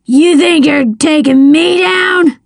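A woman's voice: sits high, takes it slowly, vocal fry, no echo, studio quality, pitched above the performer's own voice, heavily acted. A woman voicing a cold, sly middle-aged male crook in an audiobook, bribing and snarling. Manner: sly, wheedling, then snarling.

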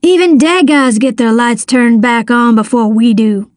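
A woman's voice: a little high, a little slow, no room sound, studio quality, lightly acted. A woman voicing a nervous young boy who whispers and frets in an audiobook. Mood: anxious whispered. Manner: anxious, whispering.

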